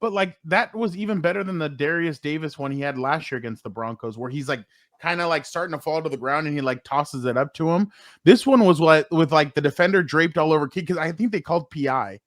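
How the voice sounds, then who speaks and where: A man co-hosting a sports podcast, telling excited stories from the locker room and quoting players in a casual, chatty way. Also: a little high, brisk, no room sound, clean studio sound. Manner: excited storytelling, quotes players. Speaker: sports podcast co-host and reporter.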